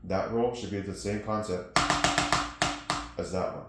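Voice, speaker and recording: Low-voiced man teaching snare drum. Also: steady tone, unhurried. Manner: counting out rhythms between demonstrations. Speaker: percussion teacher. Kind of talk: instructional snare lesson. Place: practice studio with drums. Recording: echoey room with loud noise.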